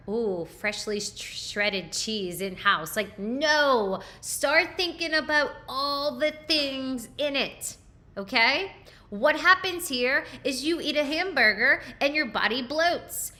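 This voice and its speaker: Hosting a live nutrition session, a woman with a high, sharp-toned voice coaches with real emphasis. She poses rhetorical questions and keeps checking in, ending lines with "okay?".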